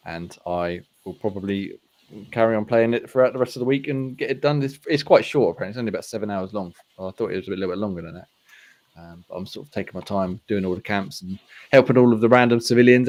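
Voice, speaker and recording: A man co-hosting a gaming podcast, talking in a relaxed, rambling way with casual swearing. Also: fairly low pitch, fast. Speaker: podcast co-host.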